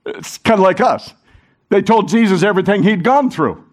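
A man preaching a sermon to a congregation, animated, talking with the room and acting out the quoted voices. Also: high voice, normal speed. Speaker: pastor.

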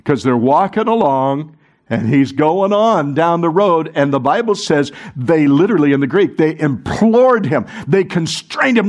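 Animated pastor guy preaching, fairly high voice, pitch all over the place. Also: a little slow. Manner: animated, exhorting the congregation. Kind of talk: sermon.

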